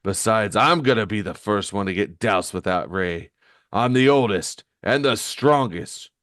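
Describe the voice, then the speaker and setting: A man voicing a gruff, short-tempered, brawny male comic brute, barking threats loudly. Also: low voice, sing-song, drawn-out words, no echo, studio quality, full character voice. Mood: angry.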